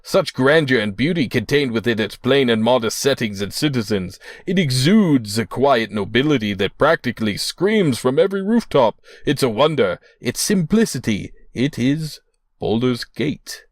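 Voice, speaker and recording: A man's voice: mid-range voice, lively intonation, moderate pace, no echo, voice pushed up, natural voice. Man putting on a pompous windbag townsman. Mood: grandiloquent. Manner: rambling, flowery and grandiose. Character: pompous long-winded male city dweller.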